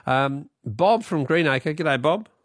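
A man's voice: a little high, animated, takes it slowly, a bit bright, no room sound, studio quality. An Australian man hosting a talkback radio quiz, chatty and wry as he teases callers.

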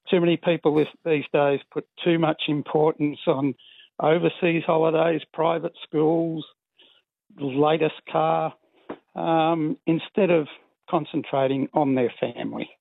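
An Australian man in his seventies calling a talkback radio show, speaking earnestly and in a measured way. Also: on the high side, creaky, no echo. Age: 70s. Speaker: caller. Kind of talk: talkback phone call. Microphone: phone. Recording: tinny phone line.

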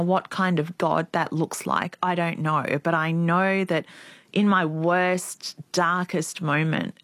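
Reflective, lower-voiced middle-aged woman. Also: dry recording. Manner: reflective and earnest, speeding up and slowing down as she recounts. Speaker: interview guest. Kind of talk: personal storytelling in an interview.

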